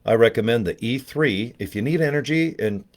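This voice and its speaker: A man's voice: mid-range voice, lively intonation, a little fast. An older man talking in a casual, rambling vlog, joking and chatty with a self-deprecating streak. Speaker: network marketing promoter.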